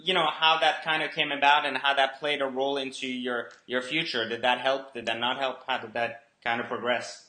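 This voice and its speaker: A man's voice: mid-range voice, flat delivery, a little fast, few pauses, bright, forceful tone. A man hosting an interview, asking friendly, filler-heavy questions. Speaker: interview host. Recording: roomy echo.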